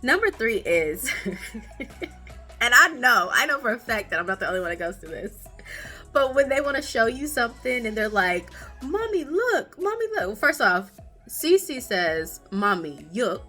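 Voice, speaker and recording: Animated young mom with a bright voice. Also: female voice, unhurried, faint music behind. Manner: animated, laughing, high playful voices when quoting her kids. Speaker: podcast host, mother of twin toddlers. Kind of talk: casual storytelling chat.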